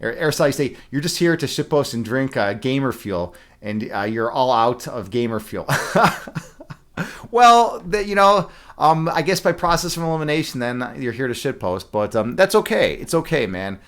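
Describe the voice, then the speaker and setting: Male streamer, mid-pitched, rambly and filler-heavy, chatting with viewers. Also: expressive, a little fast, hardly any pauses. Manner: rambling, many fillers and restarts; laughs at his own jokes. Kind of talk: casual chat with live chat.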